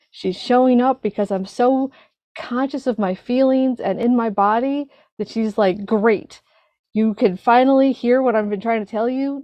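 A woman's voice: medium pitch, mellow, dry recording. Earnest woman sharing, dull dry audio. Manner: earnest, halting, searching for words. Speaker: recovery group speaker. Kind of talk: personal sharing at a meeting.

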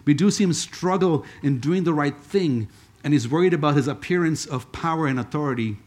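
Higher-voiced male preacher, conversational. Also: brisk, a little mellow. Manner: conversational with joking asides. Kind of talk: sermon.

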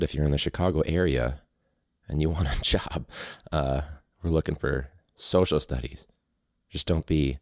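Low-voiced man rambling on a podcast. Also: darkish tone, dry recording, clean studio sound. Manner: rambling, laughing, self-interrupting. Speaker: teacher and podcast host. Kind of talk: casual solo podcast chat.

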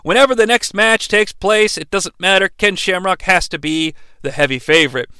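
A male podcast host recapping a wrestling broadcast in an animated, irreverent way, bursting into shouted impressions. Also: sits high, normal speed, clean tone, no echo.

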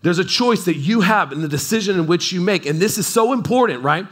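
A man's voice: high voice, expressive, a little fast, fairly bright tone. A man preaching a sermon to a congregation in a loose, conversational way, often checking in with the crowd and adding playful asides. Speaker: pastor. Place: church service in front of a congregation.

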